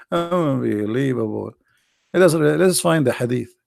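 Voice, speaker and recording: A man's voice: mid-range voice, expressive, normal speed, vocal fry, darkish tone. A man hosting a livestream, talking casually and mockingly to his live chat and asking it rhetorical questions. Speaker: host of a livestream.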